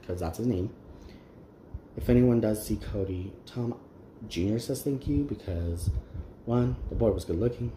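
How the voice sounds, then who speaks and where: A man's voice: fairly low pitch, dark tone. A man hosting a crafting channel, chatting casually and candidly while he works, with many ums and restarts. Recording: roomy echo, faint background noise.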